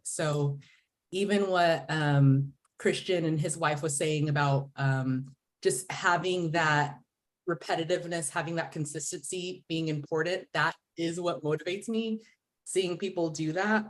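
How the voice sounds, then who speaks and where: Woman agent, low voice, candid and chatty on a team call. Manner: candid, chatty, self-deprecating. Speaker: real estate agent. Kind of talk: casual video call update. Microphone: video call.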